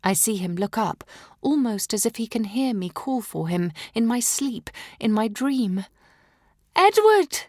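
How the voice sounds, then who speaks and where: A woman's voice: medium pitch, unhurried, hardly any pauses, mellow, no room sound, studio quality. A woman narrating a historical novel in the first person, with dramatic, emotive delivery that drops into whispers at tense moments. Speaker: audiobook narrator.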